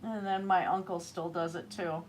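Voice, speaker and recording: A woman's voice: on the low side, fairly even intonation, normal speed, slight background noise. A woman chatting casually while painting on a livestream, rambling and answering viewer comments. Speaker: livestreaming artist.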